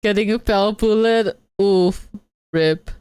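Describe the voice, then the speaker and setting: A woman streamer giving casual, excitable game commentary, swearing and laughing often. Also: mid-range voice, takes it slowly, clear, resonant tone, dry recording.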